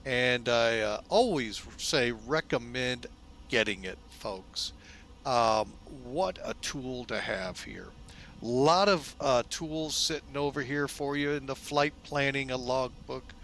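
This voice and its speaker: A man hosting a flight simulator video in a casual, folksy way, relaxed and loose with lots of fillers, often speaking to viewers as folks. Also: mid-range voice, takes it slowly. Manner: chatty, folksy, keeps calling viewers "folks". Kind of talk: casual narrated simulator walkthrough.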